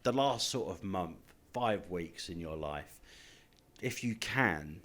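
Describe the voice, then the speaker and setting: A man's voice: sits low, lively intonation, takes it slowly, fairly bright tone. A man interviewing a darts player at a stadium media day, chatty and jokey, calling him mate. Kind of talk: casual sports interview.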